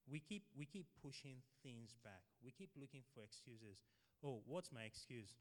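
Preacher in an echoing church hall. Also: male voice, medium pitch, lively intonation, moderate pace. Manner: conversational, mimics excuses, repeats words. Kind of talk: sermon. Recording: long hall reverb.

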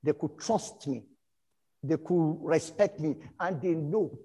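A middle-aged man from Nigeria with a Nigerian English accent, preaching a sermon and telling stories from his own life, animated and breaking into shouts. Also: fairly high pitch, takes it slowly, husky, poor audio. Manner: animated storytelling, bursts into shouts. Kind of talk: sermon with personal testimony.

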